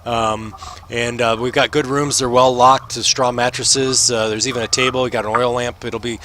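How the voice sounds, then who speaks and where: A man runs a tabletop game in a relaxed, halting voice full of small fillers. His pitch sits in an ordinary middle range. Clear background noise runs under the mic. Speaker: game master.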